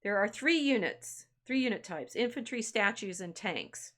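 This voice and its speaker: A woman's voice: medium pitch, lively intonation, normal speed, fairly bright tone, lightly acted. A woman reading aloud and voicing a polite, patient male toy bear who carefully explains the rules of a game.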